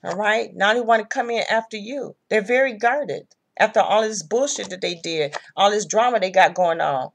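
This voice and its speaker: A woman's voice: medium pitch, normal speed, creaky, few pauses. Blunt, profane woman tarot reader. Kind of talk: casual tarot reading.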